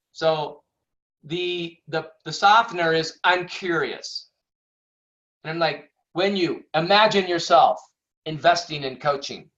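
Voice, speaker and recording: A man's voice: fairly high pitch, a bit bright. Man coaching over a dull call line. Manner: conversational, acts out sample questions, laughs often. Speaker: sales coach. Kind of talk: teaching on a video call. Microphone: video call. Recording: dull lo-fi video call audio.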